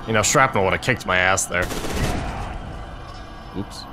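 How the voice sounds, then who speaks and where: A man's voice: sits low, unhurried, background noise. A young man commentating a video game he is playing, sarcastic and swearing a lot in frustrated outbursts. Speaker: let's play gamer.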